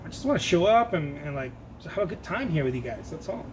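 A man's voice: fairly high pitch, big pitch swings, fast, darkish tone, slight background noise. A man talking casually while he paints, rambling, joking about himself and laughing often. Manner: self-mocking and playful. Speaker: painter hosting his own art channel.

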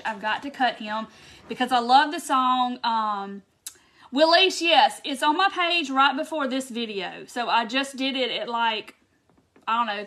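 A woman with a high, fairly bright voice hosts a crafting livestream, chatting casually in a drawn-out Southern "y'all" style and greeting viewers by name. It's picked up on a phone or camera mic.

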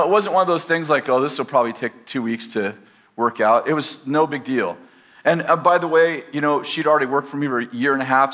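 A man preaching in a loose, storytelling way, full of asides and light self-mocking humor. His voice sits at an ordinary middle pitch as he rambles through a personal story for a live audience. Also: a bit bright. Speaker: pastor. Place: campus teaching session.

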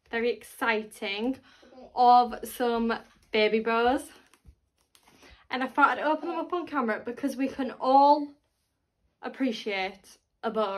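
A woman's voice: high-pitched, a bit bright. A pregnant woman chatting casually to camera at home, gushing and cooing to her toddler. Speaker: vlogger and mother.

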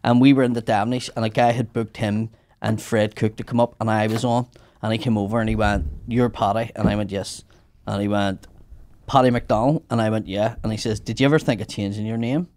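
A man's voice: on the low side, brisk. A man, a comedian telling sweary stories in casual podcast chat. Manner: animated, sweary storytelling.

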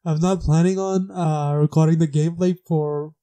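Casual gaming commentator, mid-pitched and mellow, mocks themself, squeals when surprised. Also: fairly even intonation, moderate pace. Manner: self-mocking, laughing, squeals in high pitch when surprised; scats beatbox sounds along with the game. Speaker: gamer and channel host.

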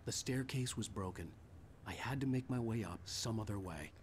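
An actor playing a brooding male writer who narrates his own nightmare in a grim, measured game voice-over, sometimes hushed. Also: lowish voice, slight background noise, natural voice. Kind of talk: scripted noir game narration.

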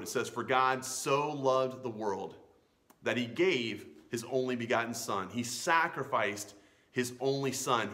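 A man in his thirties gives a youth sermon with an earnest, pleading delivery. His voice is bright and forward, at an everyday middle pitch, and he often trips and restarts mid-phrase. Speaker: youth pastor. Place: church in Florida.

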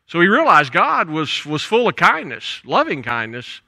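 A man's voice: on the high side, huge pitch swings, normal speed, dry recording. An older man with a Southern US accent preaching a folksy, conversational sermon in church. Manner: folksy, conversational preaching with soft trailing endings. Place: church sanctuary.

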